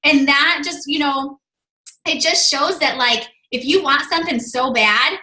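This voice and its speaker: A woman's voice: high-pitched, measured pace, sharp tone, echoey room, low-quality recording. A woman hosting a team video call, gushing and effusive with lots of fillers.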